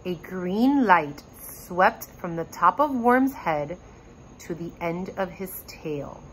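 A woman reading a children's chapter book aloud with expressive, animated storytelling. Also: on the low side, takes it slowly, slight background noise, poor audio. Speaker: reader.

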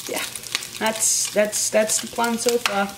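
A woman's voice: on the high side, flat delivery, slow pace, roomy sound, noisy background. A woman vlogging casually while cooking in her home kitchen, chatty and rambling with loose restarts. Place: home kitchen with food frying. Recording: frying sizzle under the voice.

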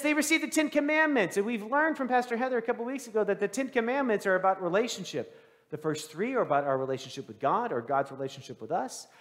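A male pastor with a high voice delivers a chatty sermon, tossing questions out to the congregation and slipping into the voices of the people in his story. His words ring out with a long reverb in a church sanctuary. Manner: conversational, quizzes the congregation; acts out quoted voices.

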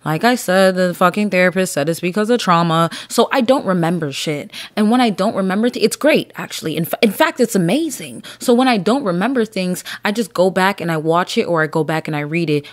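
A woman's voice: on the low side, animated, brisk, hardly any pauses, no room sound, clean studio sound. A young adult woman hosting a solo podcast, talking in a blunt, profane and rambling way. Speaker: podcast host. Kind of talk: casual solo podcast chat.

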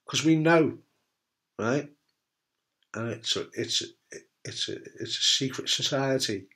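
A man's voice: medium pitch, slow, fairly bright tone. A man and cancer survivor, talking casually and bluntly to camera, frank and jokey with the odd swear word. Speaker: testicular cancer survivor giving advice.

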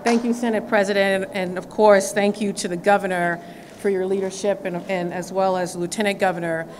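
A woman's voice: mid-range voice, steady tone, fairly quick. A woman attorney general giving a formal speech at a press conference, with the occasional filler. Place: government press event room. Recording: reverberant hall with faint background noise.

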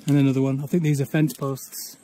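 A man, chatting casually as he walks an overgrown old railway path outdoors, often pausing on "uh". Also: mid-range voice, flat delivery, warm tone. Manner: chatty, with frequent "uh" pauses. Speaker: urban exploring vlogger. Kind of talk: casual walk-and-talk commentary.

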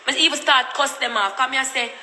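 A woman's voice: high voice, fast talker, bright, forceful tone, roomy sound, slight background noise, low-quality recording. A woman with a Jamaican accent telling a story in a blunt, repetitive, cussing rant. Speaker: vlogger.

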